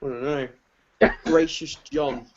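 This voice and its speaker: A man's voice: a little high, steady tone, takes it slowly, a little mellow. A man co-hosting a casual podcast, bantering and trash-talking playfully. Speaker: co-host. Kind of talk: casual chat. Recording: lo-fi recording with chatter behind.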